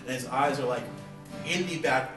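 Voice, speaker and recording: A man's voice: mid-range voice, normal speed. A young man telling a long stand-up story at an open mic, rambling with many fillers and laughing at his own jokes. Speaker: stand-up comic. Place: coffee shop open mic. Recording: roomy, from far off, music behind.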